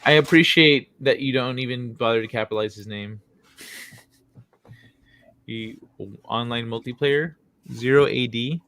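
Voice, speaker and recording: A man's voice: medium pitch, a little slow, pauses often, a bit bright. A man hosting a casual gaming talk stream, joking and teasing his co-hosts. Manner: joking, teasing, laughs often. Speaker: host. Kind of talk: casual chat.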